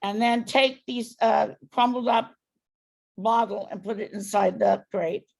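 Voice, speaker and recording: A woman's voice: medium pitch, steady tone, a little slow, creaky. A woman dog trainer giving a client patient, step-by-step instructions. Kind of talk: coaching a client through training.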